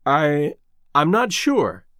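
A man's voice: high-pitched, huge pitch swings, moderate pace, no echo, studio quality. A man voicing an irritable lawyer in an audiobook, speaking sharply and brusquely. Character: irritable middle-aged male lawyer, shaken.

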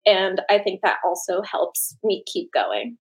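A woman's voice: mid-range voice, sing-song, unhurried, poor audio. A woman in her late twenties, an artist and teacher, talking earnestly and enthusiastically in an interview, with many fillers and restarts. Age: late 20s. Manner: laughs often. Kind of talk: podcast interview.

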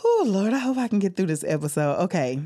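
Woman doing her solo podcast, real heartfelt, lots of little exclamations, lowish voice. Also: big pitch swings, fast talker, dark tone. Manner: heartfelt, testifying, exclaims often. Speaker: podcast host. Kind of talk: emotional solo podcast talk.

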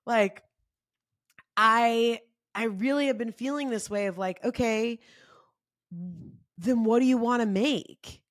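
A woman's voice: a little high, slow, pauses often, no room sound. Candid chatty woman, dry close sound. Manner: chatty, candid, swears casually, lots of "like". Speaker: podcast host. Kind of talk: casual solo podcast talk.

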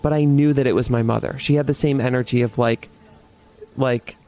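A young man telling a story in casual talk, animated, with lots of swearing and "like". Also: medium pitch, a little fast. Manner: animated, swears a lot, heavy use of "like".

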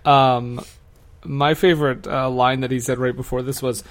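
A man's voice: medium pitch, flat delivery, moderate pace. A man co-hosting a casual movie chat, joking, with some hesitant fillers. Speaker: podcast co-host.

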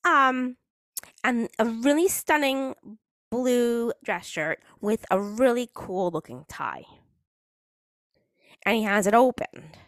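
A woman's voice: medium pitch, a bit bright, no echo, studio quality. A woman chatting casually as a hockey fan vlogger, rambling and poking fun at herself. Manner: chatty, rambling, self-mocking. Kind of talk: casual chat.

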